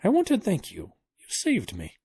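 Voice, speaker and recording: Dad doing a fussy old professor guy, flustered, pitched way up. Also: wildly swooping pitch, normal speed, dark tone, husky, no room sound, clean studio sound, full character voice. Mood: earnest. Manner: murmurs stock phrases, flustered. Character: fussy absent-minded old male professor.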